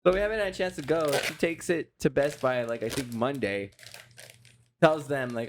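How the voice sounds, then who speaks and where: Profane, ranting man with a higher voice. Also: expressive, moderate pace, noisy background. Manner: heated, profane ranting storyteller. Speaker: podcast co-host. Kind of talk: casual podcast chat. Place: indoors, podcast recording.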